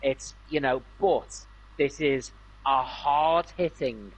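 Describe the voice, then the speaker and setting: A man's voice: mid-range voice, takes it slowly, poor audio. A man streaming a game, chatting casually and enthusiastically with plenty of fillers and restarts. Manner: rambling, enthusiastic, many fillers. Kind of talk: casual gaming stream chat.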